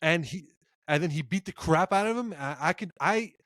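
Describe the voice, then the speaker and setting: A man co-hosting a casual sports podcast, telling animated stories, acting out quotes and laughing often. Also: fairly high pitch, moderate pace, dry recording, clean studio sound. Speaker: podcast co-host.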